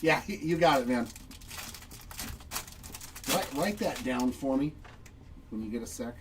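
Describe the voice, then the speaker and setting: A man's voice: medium pitch, lively intonation, slow pace, recorded from a distance, slight background noise, rough recording. Upbeat man hosting a card break. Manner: upbeat, chatty, reacting to pulls and answering chat. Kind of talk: live card break commentary.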